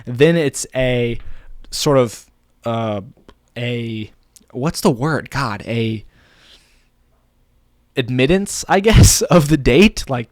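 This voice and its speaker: A man's voice: medium pitch, expressive, takes it slowly, pauses often, no echo, clean studio sound. A young man vlogging casually, thinking aloud in a rambling, playful way. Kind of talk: casual talking to camera.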